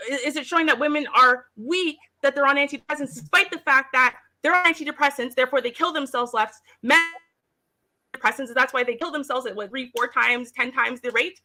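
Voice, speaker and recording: A woman host pushes back in a heated debate, firing sharp questions and dry sarcasm. Her voice is high and very bright, with a clear, pointed edge. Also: quick pace.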